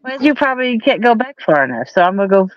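Woman, chatty livestream host, lively pitch, dry slightly lo-fi sound. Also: fast talker, crowd noise. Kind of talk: casual chat reading viewer comments. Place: pontoon boat outdoors at night in rain.

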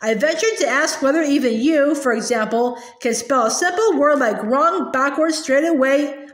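A woman voicing a gentle, patient young schoolteacher who stays calm and firm, in an echoey room. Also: high-pitched, normal speed, natural voice.

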